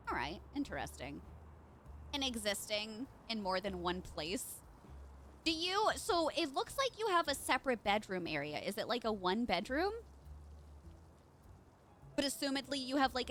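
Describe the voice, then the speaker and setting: A woman's voice: medium pitch, a bit bright, slight background noise. A woman streaming a game live, chatting with her viewers and reacting as she plays. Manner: bubbly, chatty, reads chat aloud. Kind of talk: live gameplay commentary.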